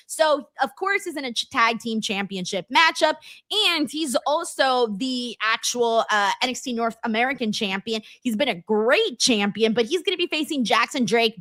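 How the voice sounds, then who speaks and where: A young woman hosts a casual wrestling watch-along and talks through viewer messages. Her voice is bright and sits a little high. She gets animated and breaks into loud exclamations. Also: no room sound, studio quality. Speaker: wrestling stream host. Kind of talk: casual live-stream chat reading super chats.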